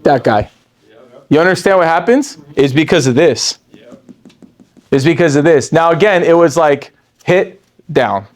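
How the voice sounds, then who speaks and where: A man in his forties giving an energetic motivational sales training talk, jumping up in pitch when excited and dropping low to quote others. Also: a little slow, pauses often.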